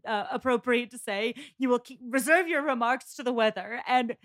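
A woman discusses a film adaptation on a podcast, comparing it thoughtfully to the book. Her voice sits slightly high and the recording is dry. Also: normal speed, no echo. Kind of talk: casual chat about a film.

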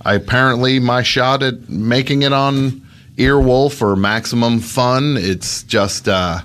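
A man's voice: mid-range voice, a little slow, a bit bright. A man hosting an improvised comedy podcast bit, sarcastic and grumbling.

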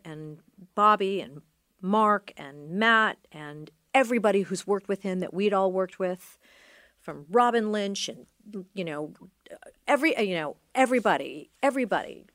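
A middle-aged woman telling a personal story as an interview guest, halting and trailing off with many fillers. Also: mid-range voice, lively intonation, a bit bright, no room sound, studio quality.

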